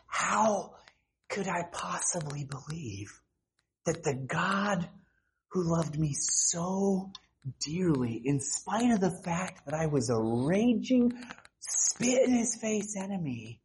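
A woman's voice: fairly low pitch, very animated, slow. Woman preacher, impassioned delivery full of rhetorical questions, faint noise behind her. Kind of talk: sermon.

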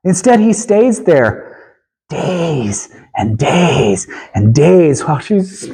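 A man preaching a sermon, retelling a scripture story with animated swings between emphatic high calls and quiet low asides. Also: slow pace, slightly rough, poor audio.

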